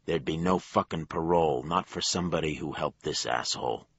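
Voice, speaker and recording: A man's voice: extremely low pitch, brisk, creaky, a bit bright, breathy edge, no room sound, highs cut off, heavily acted. Man doing a blunt, menacing male detective. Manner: blunt, threatening. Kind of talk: audiobook character voice.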